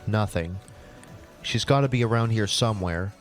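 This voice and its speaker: With soft music in the background, a fairly low-pitched man reads his own old story at a moderate pace, voicing all the characters. He keeps breaking from the flat reading into sarcastic, cringing commentary for comedic effect.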